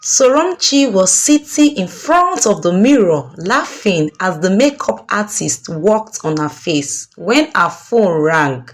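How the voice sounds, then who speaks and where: A woman narrating a folk tale in a deliberate, dramatic way. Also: mid-range voice, big pitch swings. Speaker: storyteller.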